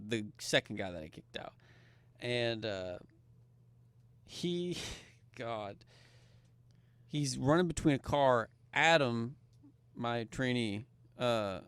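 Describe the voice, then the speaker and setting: Casting: man, podcast co-host, swears freely, lively storyteller, dry close sound. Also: medium pitch, clean tone, dry recording. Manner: profane, animated storytelling. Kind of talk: casual storytelling chat.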